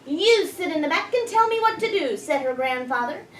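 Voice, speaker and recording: Casting: a high-voiced teacher doing an animated storybook read-aloud in an echoey classroom, miked from a distance. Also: female voice, moderate pace, slight background noise. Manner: expressive storytelling, prompting children. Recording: echoey room, voice from far off.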